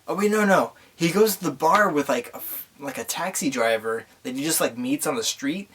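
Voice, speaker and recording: A man's voice: on the high side, lively intonation, moderate pace, fairly bright tone, slight background noise. A tipsy young man vlogging a crude, rambling movie recap, swearing freely and losing his thread. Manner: rambling, crude, loose and meandering. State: tipsy from drinking. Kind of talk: profane casual movie recap.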